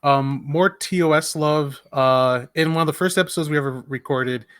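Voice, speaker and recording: A man's voice: fairly high pitch, moderate pace, fairly bright tone, clear, resonant tone, dry recording, clean studio sound. A man co-hosting a casual podcast chat, speaking eagerly but hesitantly, with many fillers and restarts. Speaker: podcast co-host.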